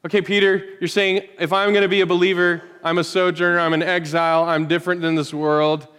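A man preaching a sermon to his congregation, swinging from loud rhetorical questions to hushed, quiet lines. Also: high-pitched, level tone, fairly quick, clear, resonant tone. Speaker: pastor. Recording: hall reverb.

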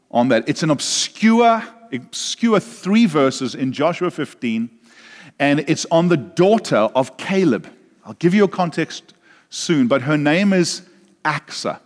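Man preaching in a reverberant hall. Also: fairly high pitch. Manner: earnest, with frequent repeated words and questions to the congregation. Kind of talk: sermon. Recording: long reverb of a large hall.

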